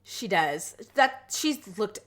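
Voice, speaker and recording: A woman's voice: mid-range voice, sing-song, slow, fairly bright tone. A middle-aged woman co-hosting a podcast, talking candidly in casual chat. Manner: candid, conversational, often laughing along. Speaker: podcast co-host.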